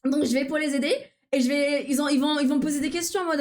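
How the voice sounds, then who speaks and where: High-voiced young woman streamer. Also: fairly even intonation, racing. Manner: rambling, laughs often. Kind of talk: casual chat while gaming.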